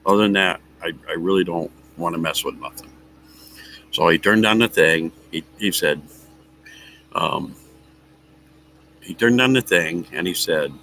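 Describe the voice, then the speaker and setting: A man with a very low but bright, forceful voice tells a rambling story to his livestream viewers, chuckling as he goes. He sits outdoors at a picnic table, with faint ambient noise and dogs around him. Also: poor audio. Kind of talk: casual storytelling chat. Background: faint outdoor ambience, dogs nearby.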